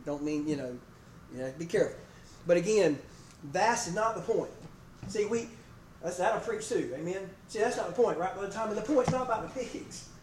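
A man's voice: high-pitched, animated, normal speed, a little mellow. A man preaching a sermon in a folksy way, checking in with his congregation by name and asking "okay?" and "amen?" throughout. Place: church sanctuary. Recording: echoey room, distant mic, faint noise.

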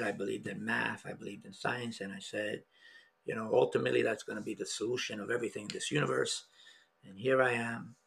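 A middle-aged man telling a personal story in an emotional, halting way, with many restarts. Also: fairly low pitch, vocal fry, a bit bright, slightly rough. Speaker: podcast guest.

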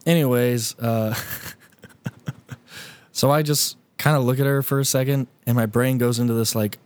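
A man's voice: mid-range voice, fairly even intonation, normal speed, darkish tone, no echo. A young man animatedly telling a funny story as a podcast host, laughing often and swearing. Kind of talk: casual storytelling.

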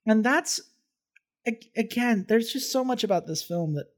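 Man, high voice, podcast film reviewer, earnest, analytical, casual chat. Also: lively intonation, normal speed.

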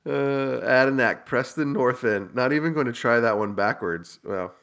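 A man hosting a casual podcast, reading a listener's list aloud with wry, deadpan asides and frequent chuckles. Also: mid-range voice, normal speed, vocal fry, clean tone. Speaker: podcast host.

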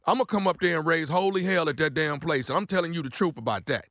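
A man calls in to rant, blustering and repeating his complaint. His voice is high and tense, and it sounds dry and close. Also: fast, fairly bright tone, no echo. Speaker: angry caller. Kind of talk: ranting phone call.

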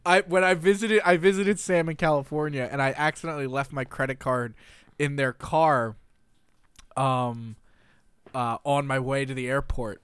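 A man's voice: mid-range voice, fairly even intonation, moderate pace, fairly bright tone, smooth, no echo. A man chatting casually on a podcast, loose and self-mocking, laughing as he talks. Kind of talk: casual chat.

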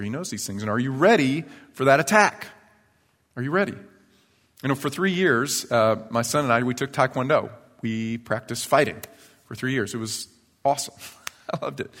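A male pastor giving a sermon in a chatty storytelling way, growing lively as he tells personal stories. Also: mid-range voice. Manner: conversational storytelling, animated when telling anecdotes. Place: church sanctuary. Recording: church hall reverb.

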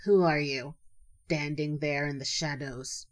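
Gruff old giant witch wife, voiced by the woman narrator, storybook. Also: low voice, fairly even intonation, unhurried.

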